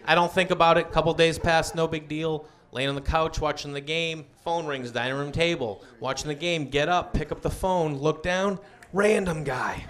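A man telling a stand-up story, animated and acting out both sides of a phone call, recorded live in a comedy club. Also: fairly high pitch, normal speed, few pauses. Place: comedy club stage with laughing audience. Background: crowd laughter.

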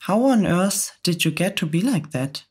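A woman voicing a polite, curious young boy in a soft ASMR book reading. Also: on the low side, normal speed, slightly rough.

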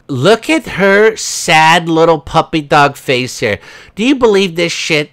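A man's voice: on the high side, lively intonation, measured pace, fairly bright tone. A man hosting a casual commentary video, rambling and sarcastic, with many fillers. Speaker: host.

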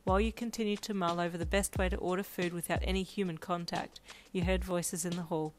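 A woman narrating audio fanfiction in a calm, even storytelling manner. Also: on the low side, a little fast, a little hiss or hum. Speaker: fanfiction reader. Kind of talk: scripted narration. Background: faint lo-fi music.

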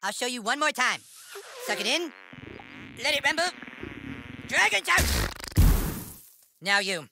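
A man's voice: very high voice, lively intonation, normal speed, pauses often, very noisy. An actor playing a crude, bossy young boy acting as a mock-solemn fantasy mentor in a video game. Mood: coaching. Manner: mock-solemn, foul-mouthed. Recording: game audio with loud music.

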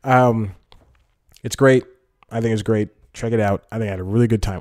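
Male podcast host, lowish voice, chatty and self-interrupting, dry room. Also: a little fast, darkish tone, dry recording. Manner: rambling, self-interrupting, laughs often. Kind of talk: casual solo comedy chat. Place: home room, talking to a camera.

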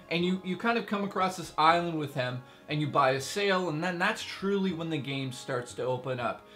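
A man chatting through a video game review in a voice pitched a little above most men's. He gets excited and joking, throwing in big exaggerated asides. Soft music plays behind him.

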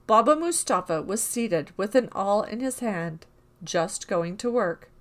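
Female storyteller, calm even read-aloud of a classic tale. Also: mid-range voice, measured pace. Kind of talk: storybook narration.

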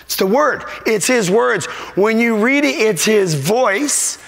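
A man's voice: high voice, lively intonation, takes it slowly, vocal fry, a bit bright. A man preaching a sermon as a pastor, emphatic and repetitive, at times choked up with emotion. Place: church sanctuary. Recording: long hall reverb.

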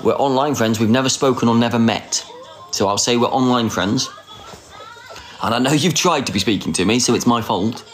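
A man's voice: mid-range voice, normal speed, faint music behind. A man in his forties hosting a casual phone livestream, teasing, flirty and sarcastic, and often mocking himself. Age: 40s. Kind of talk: casual live chat.

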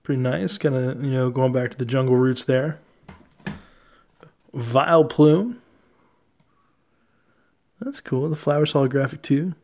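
A young man casually talking through his trading card collection, relaxed and chatty, often laughing and using fillers. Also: medium pitch, a little slow, long pauses. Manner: relaxed, chatty, easily amused, many fillers.

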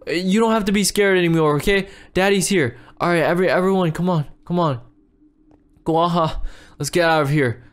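A man's voice: high-pitched, normal speed. A man acting out a game role-play as a frantic father, pleading and repeating himself. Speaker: role-play creator and lead player.

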